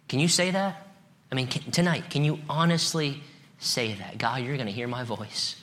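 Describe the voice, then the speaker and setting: Bright-voiced man preaching a sermon. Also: mid-range voice, normal speed. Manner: conversational preaching with rising emphatic peaks and scripture reading. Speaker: pastor.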